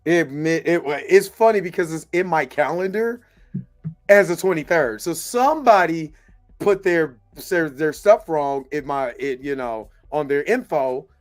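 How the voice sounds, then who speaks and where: A man's voice: a little high, lively intonation, unhurried, soft background music. A man hosting a podcast in casual, joking chat, laughing often. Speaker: podcast host. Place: lives in Kansas City.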